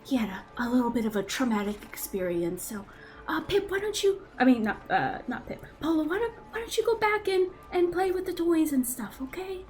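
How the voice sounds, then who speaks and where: A woman plays a fussy gnome shopkeeper in a tabletop role-play, apologizing and fussing in a raised, lively voice. He sounds flustered, with stammering restarts. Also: very high voice, normal speed, soft background music, voice pushed up.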